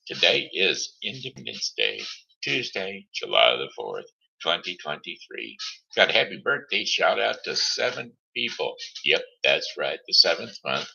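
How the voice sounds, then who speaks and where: A man hosting his own homemade live show, stammering and restarting as he reads out shout-outs and the weather. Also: low voice, sing-song, unhurried, vocal fry, husky, highs cut off. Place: home setting.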